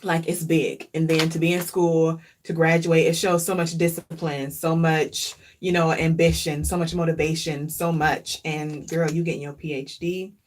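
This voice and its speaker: Earnest woman in reflective chat, lower voice. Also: little pitch movement, normal speed, few pauses. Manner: earnest, reflective, openly emotional; repeats phrases for emphasis. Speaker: vlogger. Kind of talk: casual chat.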